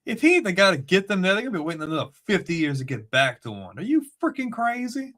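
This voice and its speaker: A man's voice: sits high, quick pace. A man co-hosting a casual football podcast, ranting heatedly and cursing a lot. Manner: heated, profane, animated ranting. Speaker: podcast co-host. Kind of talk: casual sports chat.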